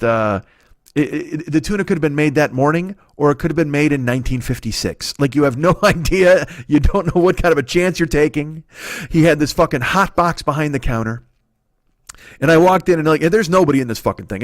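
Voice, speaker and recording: A man in his forties rambles through a profane comic story on his solo podcast. His pitch sits mid-range. The sound is dry and close. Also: no echo. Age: 40s. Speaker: comedy podcast host. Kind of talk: solo comedy monologue. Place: home studio.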